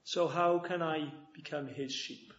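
High-voiced man preaching earnestly. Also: steady tone, a little slow. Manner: earnest, swings from loud appeals to hushed quiet. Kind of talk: sermon. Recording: dull lo-fi recording.

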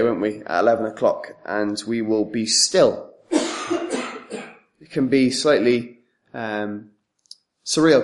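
A man preaching a sermon in a measured way, leaning on tag questions and pausing with frequent ums. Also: mid-range voice.

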